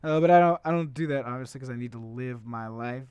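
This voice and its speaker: A man hosting a podcast alone in a loose, profane monologue, with plenty of uhs and asides. His voice is smooth and clean, at a middling pitch. The recording is dry and close, with no room sound. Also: fast, darkish tone, dry recording. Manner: conversational and profane, many filler uhs. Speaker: podcast host. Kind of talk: casual political podcast monologue.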